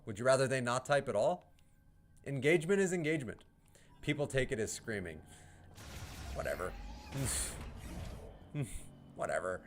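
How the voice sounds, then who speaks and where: A man's voice: medium pitch, lively intonation, moderate pace, pauses often, a little hiss or hum. Man ranting heatedly on a livestream. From United States. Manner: heated, ranting, swears often, laughs between remarks. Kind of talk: casual livestream chat, reading chat.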